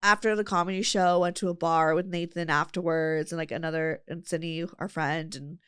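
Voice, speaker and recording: With a fairly low, clean-toned voice and fairly even intonation, a woman talks fairly quickly while hosting a podcast. Her long, chatty story is full of fillers and quoted friends.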